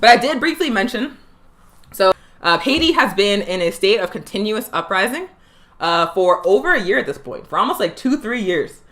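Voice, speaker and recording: Fiery, emphatic woman with a bright voice. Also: medium pitch, sing-song. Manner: fiery, emphatic, slows down to stress points. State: tired. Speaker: political education show host. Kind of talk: impassioned political commentary. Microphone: livestream.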